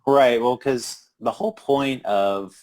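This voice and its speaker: A man co-hosting a film podcast in casual chat, explaining things in a relaxed way with dry humor. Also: mid-range voice, takes it slowly. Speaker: podcast co-host.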